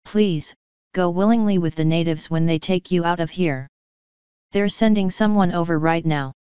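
A woman reading the part of a hurried female pony princess, urgent and firm. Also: lowish voice, a little mellow, smooth, no echo, lo-fi sound, lightly acted.

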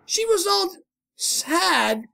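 A man doing jokey, excitable let's play commentary, exclaiming and talking to himself while playing a horror game. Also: very high voice, drawn-out words, gravelly. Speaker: gamer doing a playthrough. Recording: game music playing behind. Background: game music.

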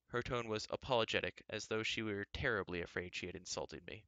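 Brief: male reader, low and bright-toned, dry wry narration, close dry recording. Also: fast, few pauses, dry recording. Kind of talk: reading a novel aloud.

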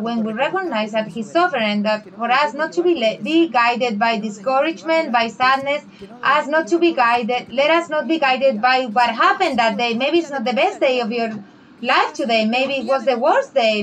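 A woman preaching a fervent sermon in halting English, raising her voice when she quotes Bible figures. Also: high-pitched, fairly bright tone, rough recording. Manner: halting, non-native English with restarts.

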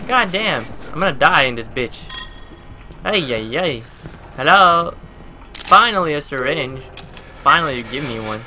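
A man's voice: on the high side, expressive, measured pace, long pauses, bright, forceful tone, a little hiss or hum. A man in his twenties from New Jersey, playing through a horror game and commenting, jumpy and swearing constantly, yelping when startled. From New Jersey, USA. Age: 20s. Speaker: let's play gamer. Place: at home at a gaming computer.

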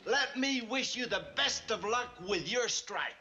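Sulky sarcastic conductor. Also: male voice, very high voice, expressive, measured pace, lo-fi sound, very noisy. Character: touchy train conductor holding a grudge.

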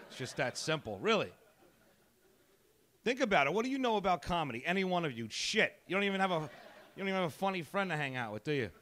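A male comedian works a comedy club crowd with an abrasive, profane, needling delivery. His voice sits high and comes across bright and forceful. He picks fights with the audience as he goes. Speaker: stand-up comedian. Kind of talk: stand-up set.

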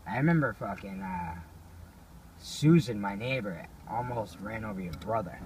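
A man's voice: on the low side, expressive, moderate pace, slightly rough. A man casually telling rambling, profanity-laced stories to a friend. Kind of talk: casual storytelling.

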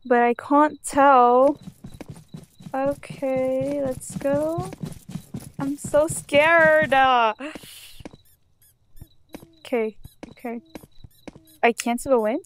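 A woman's voice: sits high, takes it slowly, pauses often. A woman chatting nervously to herself as she plays a spooky video game, commenting on each door and noise. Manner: chatty, jumpy, talks to herself. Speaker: gamer. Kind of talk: let's play commentary.

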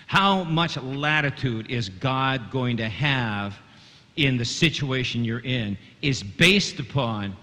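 A man teaching scripture to a congregation with a bright, forceful voice, pausing on stacked fillers and restarts. His words trail off into a long hall reverb, as if heard across a church sanctuary. He calls on the listeners to follow and repeat after him. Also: medium pitch. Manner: earnest, stumbling on fillers and restarts; addresses a congregation, asks them to repeat. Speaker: Bible teacher. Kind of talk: sermon teaching.

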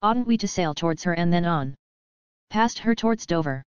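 A woman takes on an eager, curious young boy in a storybook. He questions his father earnestly, in a clean, smooth voice. The recording is close and dry. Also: fairly low pitch, expressive, normal speed, no echo, dull audio, lightly acted. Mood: questioning.

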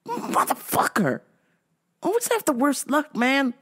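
Animated, swearing woman telling stories. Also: high-pitched, unhurried. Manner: animated, profane, laughs often. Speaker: podcast host. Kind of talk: casual storytelling monologue.

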